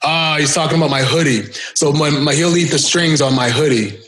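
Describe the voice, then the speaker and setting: A man's voice: a little high, a little fast, a bit bright. A man co-hosting a podcast, joking and laughing in playful banter. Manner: playful, laughing, mimicking others. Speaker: podcast co-host.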